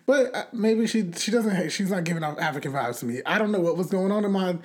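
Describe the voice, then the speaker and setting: A young woman in casual chat, telling a long story in a rambling, animated way, full of fillers and cussing. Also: on the low side, quick pace.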